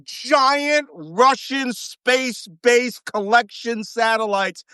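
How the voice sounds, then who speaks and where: A man's voice: very high-pitched, slow, pushed and bright, clean tone, no room sound. A man who served as a navy chief, giving heated, profane, emphatic commentary as a guest on a talk show.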